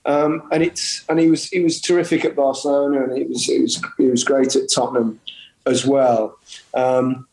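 A man's voice: mid-range voice, normal speed, creaky. Chuckling man telling stories in a roomy space. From England. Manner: relaxed storyteller, chuckles, frequent restarts. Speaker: interview guest, former footballer. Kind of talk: casual anecdotal chat. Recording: roomy sound with faint background noise.

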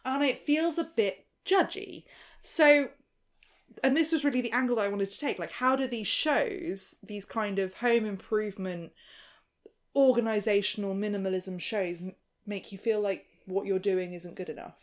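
A woman's voice: medium pitch, moderate pace. Chatty woman hosting a casual chat. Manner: chatty, thinks aloud with many restarts. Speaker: podcast host.

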